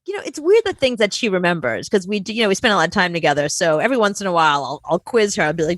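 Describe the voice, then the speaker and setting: A woman's voice: fairly low pitch, big pitch swings, rapid-fire, few pauses, dry recording, clean studio sound. A woman co-hosting a casual talk show, telling candid personal stories and laughing often. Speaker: co-host. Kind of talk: casual chat.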